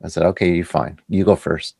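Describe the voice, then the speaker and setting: A middle-aged Canadian man, an author being interviewed, telling animated anecdotes and acting out what other people said. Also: low-pitched, a little fast, creaky, slightly rough, no room sound. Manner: animated anecdotes with quoted voices. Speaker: author and guest. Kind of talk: casual storytelling interview.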